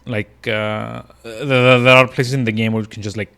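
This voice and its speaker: A man's voice: medium pitch, flat delivery, moderate pace, gravelly, a bit bright, clear, resonant tone. A man streaming a video game, rambling with lots of fillers and restarts as he plays. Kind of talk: casual gameplay commentary.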